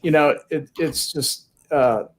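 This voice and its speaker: A male podcast host in a casual group chat, talking haltingly with restarts and wry jokes. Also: a little high.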